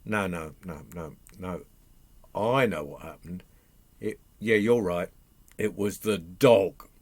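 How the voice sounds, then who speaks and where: A man's voice: sits low, husky, no room sound, pitched below the performer's own voice, full character voice. A man voicing a confused robber chief who keeps losing track of his own tale. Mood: muddled. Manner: muddled, halting, rambling. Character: bruised, forgetful robber chief.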